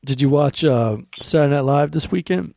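A man with a higher voice jokes around in casual podcast chat, recorded dry and close. He teases the others and acts out other people's lines mid-story. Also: normal speed, gravelly, warm tone, dry recording. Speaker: podcast co-host.

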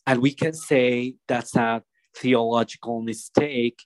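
A man preaching a sermon, slow and deliberate, often restarting his phrases as he explains a passage. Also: mid-range voice, fairly even intonation, dry recording, rough recording.

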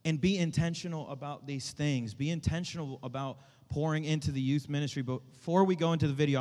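Joking youth pastor in a hall. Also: male voice, a little high. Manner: joking, rambling, rallies the room with call-and-response shouts. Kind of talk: casual church talk to a congregation. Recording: reverberant church hall.

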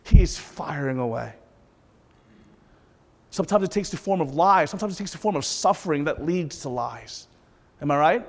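A man preaching a sermon as a pastor, impassioned, swinging between intense peaks and soft, hushed asides. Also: a little high, animated, normal speed, pauses often. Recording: long reverb of a large hall.

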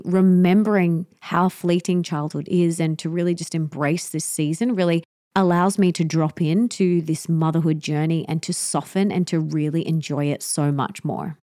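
A woman's voice: on the low side, dark tone, no room sound, clean studio sound. Earnest woman hosting a solo podcast. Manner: earnest, emphatic, repeats key points. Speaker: podcast host. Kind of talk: solo podcast giving parenting tips.

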